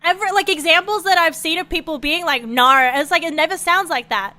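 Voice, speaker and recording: A woman's voice: extremely high pitch, fast talker, bright, forceful tone. An Australian woman streaming a game, chatting casually, swearing freely and laughing often.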